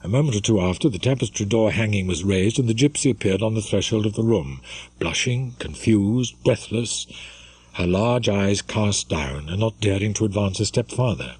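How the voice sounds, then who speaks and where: A man reading a classic novel aloud in scripted audiobook narration, measured and expressive. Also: lowish voice, husky, no echo. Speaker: audiobook reader.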